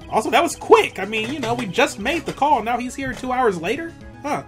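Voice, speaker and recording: A woman's voice: on the high side, expressive, brisk, faint music behind. A woman giving casual, rambling, giggly commentary as a let's play host. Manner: giggly, rambling, self-amused.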